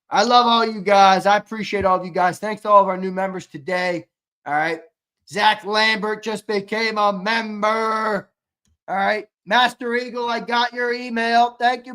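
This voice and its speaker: A man's voice: high-pitched, fairly bright tone, clean tone. A man hosting a sports live stream, bantering casually, laughing often and reading viewer comments aloud. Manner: laughing, playful, reads chat aloud. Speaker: podcast host.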